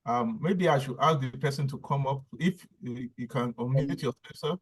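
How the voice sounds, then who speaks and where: A man moderates an online panel, reading out questions politely and hesitantly. His voice is at middle pitch, with a dry, close sound. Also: moderate pace, breathy edge, no echo, rough recording.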